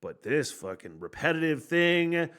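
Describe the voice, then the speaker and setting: A man hosting a podcast, reacting casually to a punk album, excitable and swearing often. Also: fairly high pitch, measured pace, smooth. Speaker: podcast host reviewing an album.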